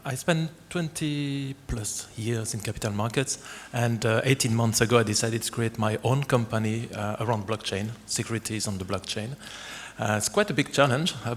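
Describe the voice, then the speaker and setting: A Belgian man with a French accent, a native French speaker, introducing himself as a panelist in a measured, hesitant way. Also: medium pitch, slight background noise.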